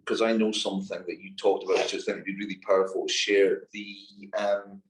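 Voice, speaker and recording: A man with a lowish voice hosts a live workshop, his prompts gentle and a little hesitant. He is picked up from a distance in an echoey room. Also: level tone, a little fast. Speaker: workshop host.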